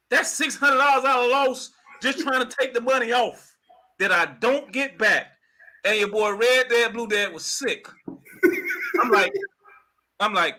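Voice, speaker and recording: A man hosting a casual podcast chat, telling stories in an excitable, animated way with loud exclamations. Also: very high voice, a little slow, pauses often, rough recording. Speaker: podcast host.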